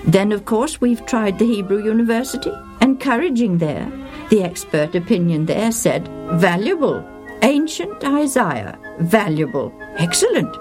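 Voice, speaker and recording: A woman voicing an excitable elderly male bishop who speaks in animated, indignant exclamations. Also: mid-range voice, a little slow, soft background music. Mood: eager.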